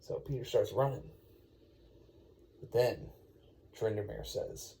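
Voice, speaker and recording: Gravelly, rambling dad telling a story. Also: male voice, fairly low pitch, takes it slowly, pauses often, dark tone. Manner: rambling, laid-back, full of "you know". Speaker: father. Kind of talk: improvised bedtime storytelling.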